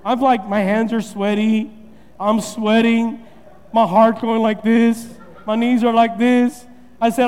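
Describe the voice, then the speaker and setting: A man's voice: very high-pitched, little pitch movement, measured pace, a little mellow, clear, resonant tone, in a large hall. A man preaching a sermon as pastor, repeating and building his points with rising emphasis.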